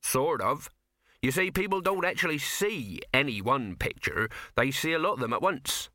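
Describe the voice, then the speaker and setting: A man's voice: mid-range voice, lively intonation, moderate pace, bright, forceful tone, no echo, clean studio sound, voice pushed up. A man doing a folksy old film craftsman. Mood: explaining. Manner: explaining, folksy. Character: chatty older male film craftsman.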